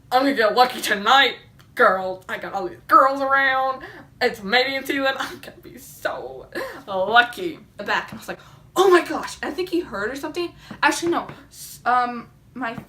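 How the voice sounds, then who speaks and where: A young woman talks straight to her camera from home, telling a story in a chatty, excitable rush. She fills her sentences with "like" and acts out her own reactions. Her voice is bright and a touch high. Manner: chatty, excitable, lots of "like" and dramatic quoted reactions. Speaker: vlogger. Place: indoors at home, seated.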